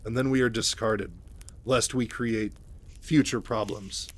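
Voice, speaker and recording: Audiobook parody: man doing a cold telepath soldier woman, blunt and measured, low-pitched delivery. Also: steady tone, a little hiss or hum, lightly acted. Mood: guarded.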